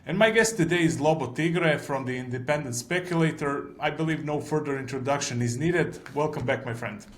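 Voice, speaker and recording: A man's voice: medium pitch, brisk, slight background noise. A man with an Eastern European accent hosting an investment interview, opening formally and turning friendly with his guest. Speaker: interview host.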